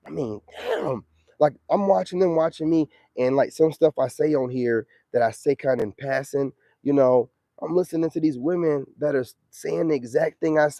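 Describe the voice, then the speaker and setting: A man's voice: a little high, moderate pace, dark tone, no room sound. A man hosting a live stream, talking in a slangy, preachy, emphatic way in a casual monologue.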